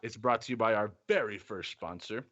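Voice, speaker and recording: A man's voice: fairly low pitch, a little fast, lo-fi sound. A man hosting a casual sports podcast, reading an ad and quizzing his co-host with a lot of laughter. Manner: lively, laughs often, reads ads casually. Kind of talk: casual sports quiz chat.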